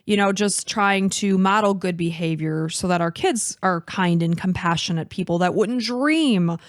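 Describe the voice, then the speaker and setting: A middle-aged woman co-hosting a podcast in casual chat, talking fast and earnestly, open about being emotional. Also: on the low side, no room sound, clean studio sound. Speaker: podcast co-host.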